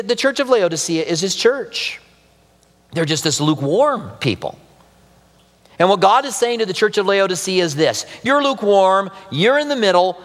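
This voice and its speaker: Male pastor, earnest sermon delivery, slightly high voice, long reverb. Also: fairly bright tone. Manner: earnest preaching with scripture readings.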